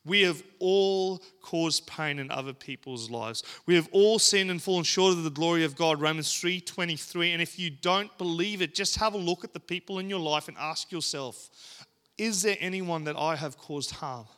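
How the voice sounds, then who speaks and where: Bright-voiced earnest male preacher. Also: a little high, smooth. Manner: earnest, deliberate, with dramatic pauses and emphatic rises. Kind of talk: sermon.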